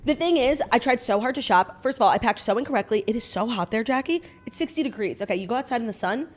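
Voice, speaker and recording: A woman's voice: fairly high pitch, animated, fast. A young American woman co-hosting a podcast, telling rambling stories full of "like" in casual chat. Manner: rambling storyteller, heavy use of "like". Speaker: podcast co-host.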